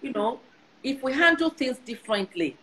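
A woman's voice: high voice, sing-song, normal speed, fairly bright tone, low-quality recording. A Nigerian woman in her sixties giving earnest advice in casual conversation, often repeating herself for emphasis. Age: 60s. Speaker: guest.

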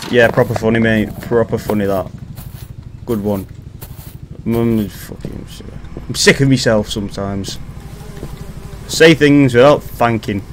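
A man's voice: lowish voice, steady tone, unhurried, pauses often, a little hiss or hum. A young man giving casual, jokey commentary while playing a horror game, swearing and talking back to the game. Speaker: gaming commentator. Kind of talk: casual let's-play commentary.

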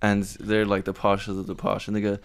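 A man's voice: lowish voice, completely flat delivery, a little fast, vocal fry, clean tone. A young Irish man co-hosting a podcast, teasing and arguing back with laughter. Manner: teasing, laughing, contrary banter. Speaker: podcast co-host. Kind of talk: casual podcast chat.

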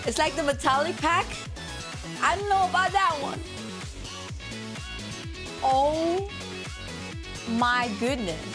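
Hoarse, excitable woman reacting. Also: high voice, takes it slowly, pauses often, over music. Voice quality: excitable and exclamatory, with repeated outbursts. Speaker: gaming reaction vlogger.

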